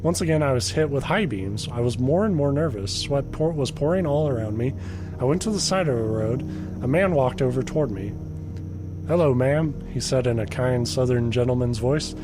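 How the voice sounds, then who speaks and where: A man's voice: medium pitch, animated, a little fast, over music. A man co-hosting a podcast, reading a creepy story aloud and joking about it with a friend, laughing often. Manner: jokey, laughs often, mock voices when quoting. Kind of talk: casual chat and reading aloud.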